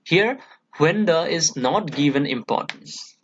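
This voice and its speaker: Slow Indian English lecturer, dull recording. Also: male voice, on the high side, fairly bright tone. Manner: slow, deliberate, with frequent "uh" and "okay", repeating example words for stress. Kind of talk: classroom lecture.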